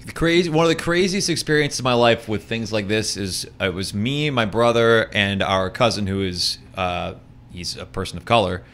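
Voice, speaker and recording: A man from Florida telling a personal story in casual talk show chat, with quick asides. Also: fairly low pitch, fairly bright tone. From Florida, USA. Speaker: co-host.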